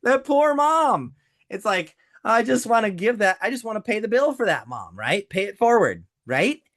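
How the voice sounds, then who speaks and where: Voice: mid-range voice, sing-song, normal speed, a bit bright. A business coach hosting a podcast, talking emphatically to a co-host, repeating key points and getting emotional over the examples.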